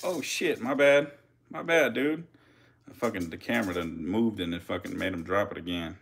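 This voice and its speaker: A man giving casual live-stream commentary as a reptile keeper, chatty with viewers, swearing and getting excited. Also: deep voice, normal speed, vocal fry, husky.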